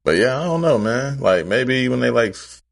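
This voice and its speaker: A man's voice: medium pitch, expressive, normal speed, creaky, crowd noise. A man co-hosting a podcast in casual chat, laid-back and rambling, with lots of swearing. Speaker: podcast co-host.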